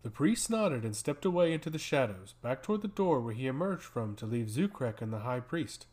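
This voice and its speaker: A man reading a fantasy story aloud as narrator, with an animated reading voice. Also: mid-range voice, brisk.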